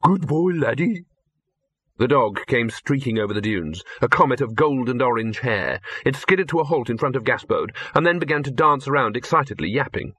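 Husky guy reading an audiobook, dry close sound, measured storytelling. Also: mid-range voice, pushed and bright, dry recording. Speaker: audiobook narrator. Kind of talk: audiobook narration from tape sides.

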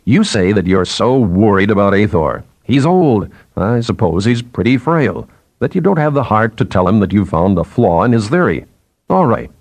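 A man's voice: on the low side, sing-song, moderate pace, a little mellow, no room sound. A man voicing a probing male journalist who presses with blunt, challenging questions. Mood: persuasive.

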